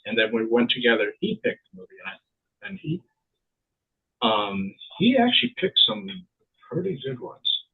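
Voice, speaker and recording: A man with a husky, mid-pitched voice chats about films in a halting way, restarting his sentences. He sounds like he is on a thin, phone-like line. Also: very animated. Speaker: podcast co-host. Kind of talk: casual film chat.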